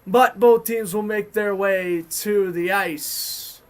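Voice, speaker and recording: Boston guy calling a hockey game for his channel, high voice, chatty and hyped. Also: slow pace. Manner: excited, chatty, self-correcting. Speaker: sports commentator. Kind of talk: fan play-by-play commentary.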